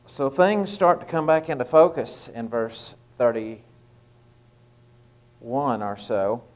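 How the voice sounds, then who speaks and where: Guy doing a laid-back bible devotional, lots of uh's and restarts, middle-pitched voice. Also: lively intonation, slow, rough recording. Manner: conversational, with frequent fillers and restarts. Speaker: lay preacher giving a short devotional. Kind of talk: informal devotional talk.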